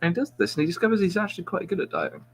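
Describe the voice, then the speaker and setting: A man's voice: sits high, wildly swooping pitch, very fast, creaky, a little hiss or hum, poor audio. A man, a podcast host, telling a long, rambling joke with plenty of restarts and jokes at his own expense. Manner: rambling, self-mocking storyteller with frequent restarts. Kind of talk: casual joke telling among friends.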